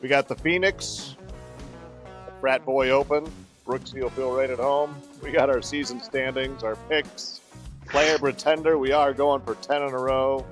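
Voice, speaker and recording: A man's voice: mid-range voice, fairly even intonation, normal speed. Male podcast host, casual and teasing, mid-range voice, light music bed underneath. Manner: joking, teasing questions. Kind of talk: casual chat.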